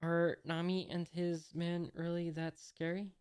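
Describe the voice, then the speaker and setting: A woman reading a carefree young male pirate captain's lines aloud, barely changing her own low, flat voice. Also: a little slow, clear, resonant tone, close to an everyday voice. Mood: easygoing.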